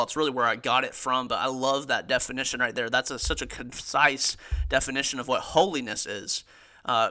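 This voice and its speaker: Earnest, bright-voiced man teaching Scripture. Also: mid-range voice. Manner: earnest, reads quotes aloud with emphasis, frequent restarts. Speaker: podcast host teaching theology. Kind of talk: casual Bible teaching.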